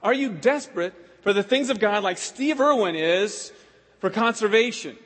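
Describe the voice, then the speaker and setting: A man, a pastor preaching a sermon with impassioned swings between loud exhortation and hushed prayer. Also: high-pitched, animated, moderate pace. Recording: long hall reverb.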